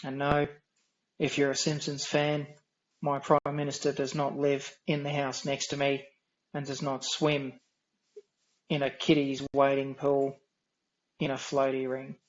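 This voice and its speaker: An Australian man with a nasal, droning voice, giving dry, wry, unhurried commentary while streaming a game. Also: medium pitch, monotone, lo-fi sound. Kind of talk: casual gameplay commentary.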